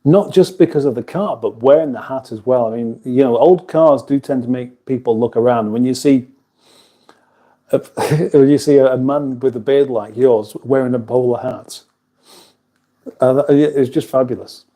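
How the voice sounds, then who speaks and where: A man rambles through a relaxed livestream in his kitchen, talking in a very dark, mellow voice. He chuckles easily, stops to restart his sentences, and reads out viewer comments as he goes. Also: medium pitch, normal speed. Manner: rambling, chuckling, self-interrupting. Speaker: livestream host. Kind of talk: casual livestream chat reading viewer comments. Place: home kitchen.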